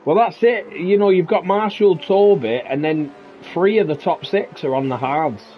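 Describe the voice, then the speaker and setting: A man's voice: fairly high pitch, normal speed, muffled recording, soft background music. A man co-commentating a live sim race, chatty and laying out strategy and stats.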